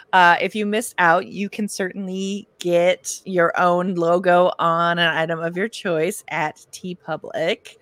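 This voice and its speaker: A woman's voice: on the low side, sharp tone, dry recording. A bubbly woman who laughs often, chatting casually as a podcast host.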